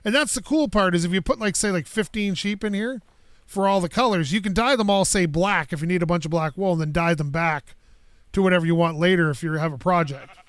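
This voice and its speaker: Guy streaming a block game, pretty high voice, rambly and chatty, dry close mic. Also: brisk, smooth, no room sound. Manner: rambling, chatty, talks to himself and chat. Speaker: gaming streamer. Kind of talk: casual gameplay commentary.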